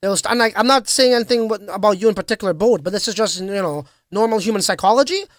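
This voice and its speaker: This fast-talking crypto livestreamer has a high voice and a dry, close recording with no room sound. He reads out viewer comments and chats loosely in a slangy, hype-driven way, with frequent fillers and restarts.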